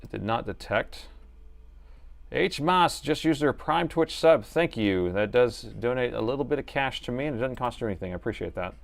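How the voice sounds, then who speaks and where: A man's voice: mid-range voice, animated, moderate pace, vocal fry. A man hosting a live stream, chatting casually and explaining each step of a repair while joking with viewers. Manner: chatty, explains steps while working, jokes with chat. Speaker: livestream repair host.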